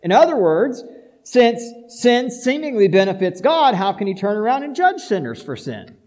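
A man with a high voice preaches a sermon as a pastor. He drives his points home with rhetorical questions, dropping into soft asides and then rising to loud, emphatic declarations. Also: sing-song, normal speed, low-quality recording.

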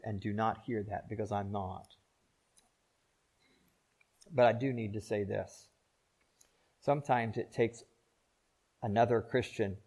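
An older man preaches from the pulpit in a lowish voice. He swings between loud, emphatic declarations and quiet, pleading asides, stretching words out with long pauses. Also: husky. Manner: preaching with swings from loud emphatic peaks to soft low pleas, slow drawn-out pauses. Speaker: pastor. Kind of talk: sermon.

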